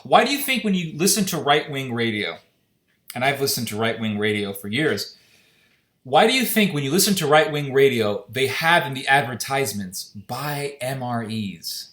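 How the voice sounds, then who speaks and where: A man's voice: medium pitch, very animated, normal speed, fairly bright tone. A man with an ordinary mid-range voice delivers an impassioned solo monologue. He sounds indignant and keeps pressing rhetorical questions. His voice rings with the echo of the room around him. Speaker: commentator. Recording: echoey room.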